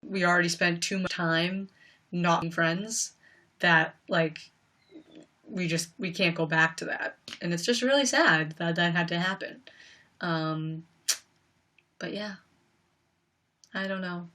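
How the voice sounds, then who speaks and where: A woman's voice: on the low side, slow pace, long pauses, sharp tone, recorded from a distance. A young woman hosting a livestream, talking casually and emphatically, rambling with lots of fillers. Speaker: livestream host.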